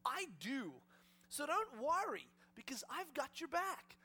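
A man playing Jesus in a sermon, speaking slowly and emphatically with confidence. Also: sits high, lively intonation, pushed and bright. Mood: assured. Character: Jesus speaking in a calm, all-knowing, reassuring male voice.

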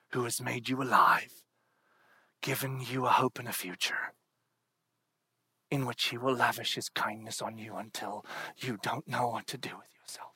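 A man preaching a sermon, reading scripture dramatically and swinging between hushed whispers and loud, soaring declarations. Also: medium pitch, husky, no room sound. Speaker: pastor.

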